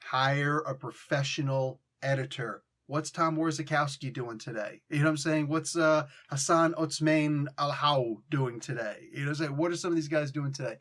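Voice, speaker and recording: Man, young adult, comic book reviewer, casual slangy review, animated, slightly high voice. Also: moderate pace, few pauses. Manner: animated, slangy, acts out lines in mock voices.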